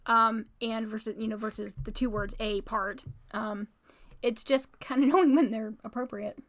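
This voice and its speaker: Woman, podcast co-host, slightly high voice, casual chat, laughs a lot. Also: steady tone, moderate pace. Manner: laughs often, fussy about grammar.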